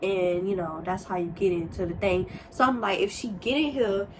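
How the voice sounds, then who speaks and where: A young woman telling a casual storytime, rambling and animated, with sudden high exclamations. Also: normal speed, a little hiss or hum. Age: young adult. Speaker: storyteller vlogger.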